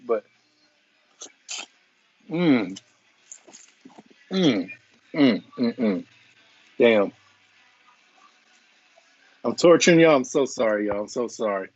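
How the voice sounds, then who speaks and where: A man chef talks loosely and cheerfully through a live cooking stream. He drops fillers, tastes the food on air and jokes to viewers as he goes. The sound is dry and a little muffled, like low-grade live stream audio. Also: dry recording. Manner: relaxed, chatty, tasting and chewing on air with playful apologies. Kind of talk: casual live cooking chat.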